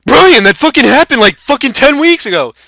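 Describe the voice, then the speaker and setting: A man's voice: very high-pitched, very animated, a little fast, creaky, pushed and bright, no echo, studio quality, pitched above the performer's own voice, full character voice. A young man voicing a brash, profane sports bettor who trades crude insults. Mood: heated. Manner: crude insulting trash talk.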